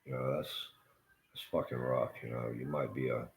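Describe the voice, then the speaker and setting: A man's voice: a bass voice, fairly even intonation, moderate pace, rough recording. A man livestreaming a rambling, casual monologue, swearing often and trailing off into fillers. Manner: profane, meandering, full of fillers.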